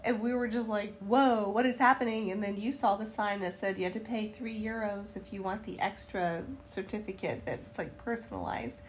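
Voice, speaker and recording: A woman's voice: mid-range voice, moderate pace, hardly any pauses, a little hiss or hum. A woman from North Carolina, co-hosting a casual podcast and telling a travel story with lots of laughter and acted-out quotes. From Charlotte, North Carolina, USA. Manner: animated storyteller, acts out quotes, laughs often. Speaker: podcast co-host. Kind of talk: casual travel recap chat.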